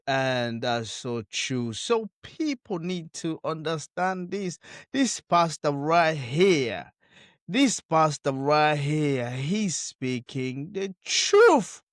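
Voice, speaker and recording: Indignant man reacting, slow and lively. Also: fairly high pitch, no echo, studio quality. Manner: indignant, emphatic, repetitive. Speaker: commentator reacting to clips. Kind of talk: heated reaction commentary.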